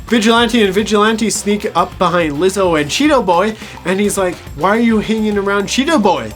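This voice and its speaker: A man's voice: high voice, expressive, normal speed, fairly bright tone, faint music behind. A man recapping a TV episode in a casual, crude, mocking way, swearing and laughing at his own jokes. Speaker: TV show reviewer.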